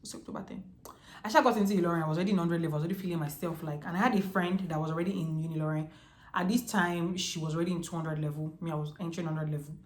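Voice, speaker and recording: A Nigerian woman in her twenties telling a storytime vlog in a lively, chatty way, full of slang. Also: fairly low pitch, very fast. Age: 20s. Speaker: vlogger. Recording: echoey room.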